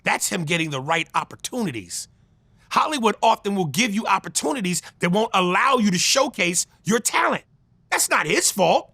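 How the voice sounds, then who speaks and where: A loud, animated man riffing in a casual interview, his pitch swinging high and low. His voice is bright and forceful, and the room is dry and close. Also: normal speed, gravelly, breathy edge, no room sound. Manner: animated, loud and profane, breaks into accent impressions. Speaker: comedian guest.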